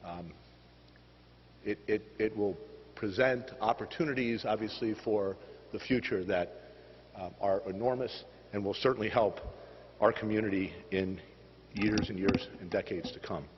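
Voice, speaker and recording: A man making announcements at a press conference, speaking with many pauses and filler words. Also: lowish voice, a little hiss or hum. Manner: halting, filler-heavy delivery. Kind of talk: public announcement speech. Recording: dull news feed with hall reverb.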